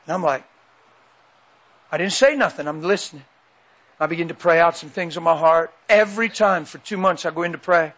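High-voiced man preaching emphatically. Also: fairly quick, pauses often, fairly bright tone. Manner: emphatic, repeats phrases for weight. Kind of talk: sermon. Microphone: handheld mic.

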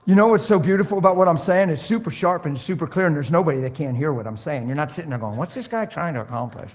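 A man preaching a sermon, telling stories and acting out conversations, swinging between hushed and loud. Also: on the high side, racing. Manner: acts out dialogue in different voices. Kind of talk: sermon with storytelling.

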